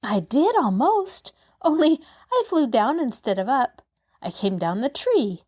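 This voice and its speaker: A woman's voice: sits high, sing-song, a little slow, voice pushed up, full character voice. A woman voicing a cheerful eager little girl. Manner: bright, eager and earnest.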